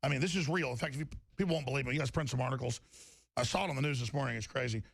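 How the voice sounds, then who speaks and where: A man hosts a radio show in an emphatic, rambling monologue, stumbling over repeated words as he pushes his point. His voice is heavily gravelly, with a mid-range pitch. It is recorded close and dry in a studio. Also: rapid-fire, no echo. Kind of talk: impassioned talk-radio monologue.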